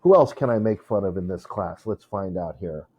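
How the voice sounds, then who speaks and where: A man's voice: low-pitched, lively intonation, moderate pace, warm tone, breathy edge, lo-fi sound. A male English teacher giving a recorded lesson, joking with his class and drawing out syllables to show which one is stressed.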